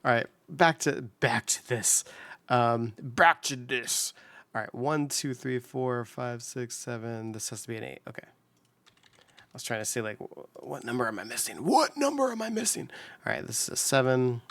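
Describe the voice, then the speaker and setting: A man's voice: medium pitch, fairly even intonation, measured pace, fairly bright tone, dry recording. A man hosting his puzzle channel, chatting casually and upbeat as he solves, with lots of fillers and restarts. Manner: rambling, upbeat, many fillers. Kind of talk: casual commentary while solving.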